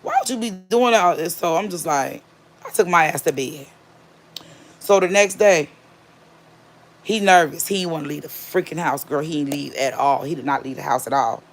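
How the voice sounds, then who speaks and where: A woman's voice: sits low, normal speed, long pauses. A woman from the Gary, Indiana area telling a personal story in a chatty, emphatic way, repeating key phrases. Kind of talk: casual storytime.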